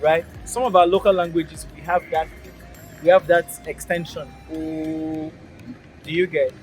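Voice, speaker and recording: A man's voice: fairly high pitch, fairly even intonation, a little slow, darkish tone, faint music behind. A man with a Nigerian accent, hosting a casual outdoor language lesson, upbeat and emphatic, patiently repeating phrases. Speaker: pidgin teacher, channel host. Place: outdoors beside a busy road.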